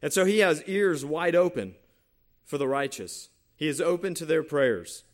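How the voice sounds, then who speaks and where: A man preaching a sermon in a slightly higher voice than most men. He talks earnestly and conversationally, repeating phrases as he works through scripture and a personal story. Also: animated, normal speed. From San Jose Bay Area, California. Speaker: pastor.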